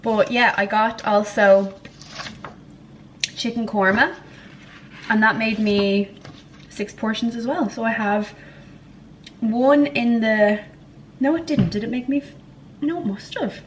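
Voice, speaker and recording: A woman's voice: on the high side, slow pace, long pauses, slight background noise, rough recording. A woman vlogger talking in a casual, chatty way, poking fun at herself and swearing freely. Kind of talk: casual vlog chat.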